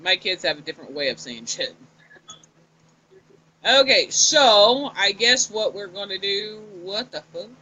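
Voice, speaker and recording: A woman's voice: medium pitch, animated, unhurried, bright, forceful tone, slight background noise, rough recording. A woman author chatting casually with fans on a live stream from her phone, laughing often and swearing freely.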